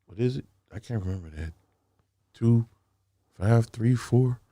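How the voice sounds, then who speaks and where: A man hosting a casual comedy show, teasing his co-host and halting with frequent fillers. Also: medium pitch, warm tone, no echo.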